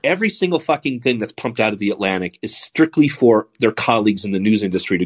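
A man's voice: lowish voice, animated, quick pace, hardly any pauses, breathy edge. A man hosting a podcast, talking politics in a casual, sardonic and profane way. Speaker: podcast host.

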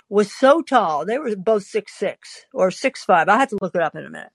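A woman's voice: mid-range voice, expressive, moderate pace, vocal fry, hardly any pauses, husky, dry recording. An older woman spins a personal story in a wry, confiding voice. She stops often on small hesitant fillers. Her voice sits at a medium height, and the recording is close and dry. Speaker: podcast host. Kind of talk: storytelling monologue.

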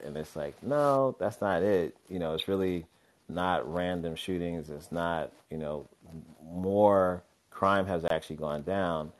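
A man co-hosting a podcast in casual chat, animated and laughing often, slipping into playful voices. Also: low voice, unhurried. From Philadelphia. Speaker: podcast co-host.

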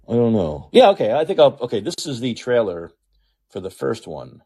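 A man hosting his own podcast, talking alone in a sarcastic, animated monologue that swings from loud outbursts to muttered asides. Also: mid-range voice, moderate pace, breathy edge. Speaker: podcast host. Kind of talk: opinionated monologue.

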